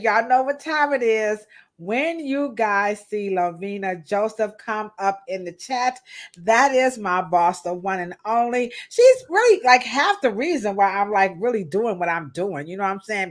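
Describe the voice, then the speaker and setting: A woman in her thirties hosts a live podcast in a loose, playful way, greeting viewers in the chat by name. Her voice sits a little on the high side. She keeps the chat casual and full of jokes. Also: a bit bright. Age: 30s. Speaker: podcast host.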